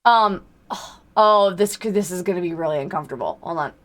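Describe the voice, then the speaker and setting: A woman's voice: fairly low pitch, a little fast. A young woman streamer with a sick, strained voice, chatting in a rambling way and greeting her viewers by name. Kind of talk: casual live-stream chat with viewers.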